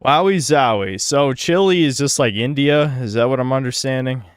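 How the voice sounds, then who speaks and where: A man's voice: mid-range voice, moderate pace, clear, resonant tone, no echo, soft background music. A man making dry, wry quips in casual podcast banter. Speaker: podcast co-host.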